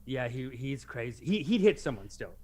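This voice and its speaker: A young man co-hosting a podcast, chatting casually and animatedly, often acting out someone yelling with swearing. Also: mid-range voice, very animated, moderate pace, husky. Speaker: podcast co-host.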